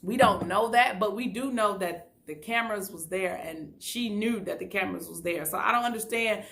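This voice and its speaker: Chatty woman with a bright voice. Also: medium pitch, moderate pace, vocal fry. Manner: chatty, retells scenes with quoted dialogue. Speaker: YouTube reality-show recapper. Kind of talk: casual recap commentary.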